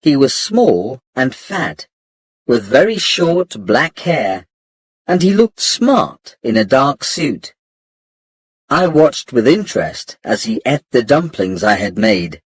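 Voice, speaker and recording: Slow, expressive male audiobook reader. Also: medium pitch, slightly rough, no room sound. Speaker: narrator. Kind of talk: scripted narration of a graded reader.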